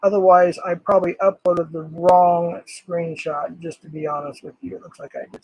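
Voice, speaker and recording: A man's voice: on the high side, flat delivery, moderate pace, few pauses, darkish tone, slight background noise, low-quality recording. An older man streaming live, reading comments aloud in an angry, swearing rant.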